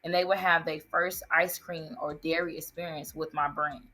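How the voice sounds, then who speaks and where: A woman's voice: deep voice, fairly even intonation, moderate pace, pushed and bright. A woman who owns an ice cream business, answering interview questions earnestly and politely. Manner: earnest, answers with "yes, sir". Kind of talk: interview guest.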